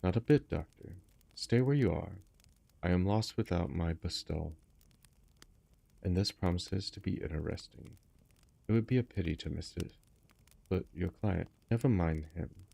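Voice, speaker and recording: A man reading as a brisk, commanding detective. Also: sits low, gravelly, dark tone, breathy edge, dry recording, exaggerated voice. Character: brisk, confident male detective.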